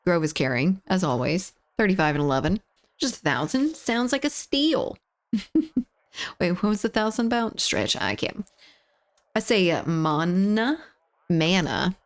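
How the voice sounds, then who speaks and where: A woman live-streaming a shooter game, chatting playfully with her chat, reading messages aloud and teasing viewers. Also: fairly low pitch. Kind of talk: casual live-stream chat while gaming.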